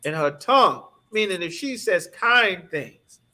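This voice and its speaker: A man's voice: sits high, expressive, unhurried, pushed and bright. A man teaching a scripture class in an emphatic preaching manner, often checking in with his listeners. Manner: emphatic, keeps asking "you understand?".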